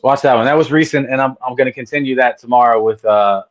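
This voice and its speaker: A man in a rock band with a Delaware County, Pennsylvania accent, chatting casually, excitable and swearing, saying dude a lot. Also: mid-range voice, fast talker, muffled recording. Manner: profane, excitable, says dude. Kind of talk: casual chat.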